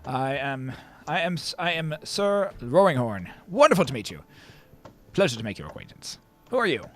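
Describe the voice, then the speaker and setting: A man voicing a refined, wealthy gentleman in spectacles who talks fast and politely. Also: mid-range voice, sing-song, pitched above the performer's own voice, lightly acted. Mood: delighted.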